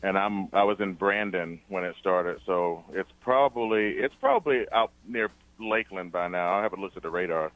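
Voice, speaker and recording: A man's voice: low voice, moderate pace, few pauses, no room sound. A man calling in to a radio show as a truck driver, chatting casually and joking, from inside his trailer on the phone. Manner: joking, easygoing. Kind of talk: casual call-in chat. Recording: lo-fi phone line.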